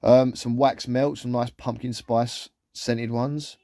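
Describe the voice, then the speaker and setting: Male vlogger, easygoing and rambling, mellow voice, dry close sound. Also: mid-range voice, flat delivery, slow pace, no echo. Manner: chatty, rambling, with trailing asides. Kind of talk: casual shopping haul commentary.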